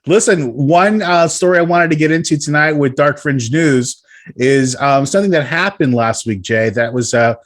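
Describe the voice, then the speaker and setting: A man's voice: a little high, moderate pace. A man hosting a casual podcast chat, rambling with many fillers and restarts, laughing often. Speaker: podcast host.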